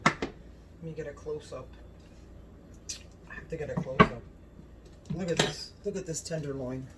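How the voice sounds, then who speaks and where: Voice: mid-range voice, fairly even intonation, a little slow, very noisy. A home cooking channel host talking to the camera in a casual vlog, gushing and exclaiming often about the food.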